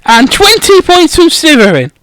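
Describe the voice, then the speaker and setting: A man's voice: extremely high pitch, huge pitch swings, moderate pace, a bit bright, dry recording, voice pushed up, exaggerated voice. A man voicing a furious, stern old woman teacher who shrieks and curses at a pupil. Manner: shrieking, cursing outbursts. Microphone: headset.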